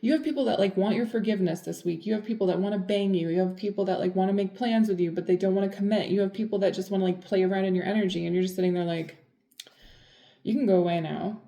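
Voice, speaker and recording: A woman reads tarot in a loose, chatty way, blunt and full of filler words. Her voice is mellow and gravelly with fry. She sounds like she is in an echoey room. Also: medium pitch, steady tone, rapid-fire, hardly any pauses. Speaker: tarot reader. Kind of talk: casual tarot reading.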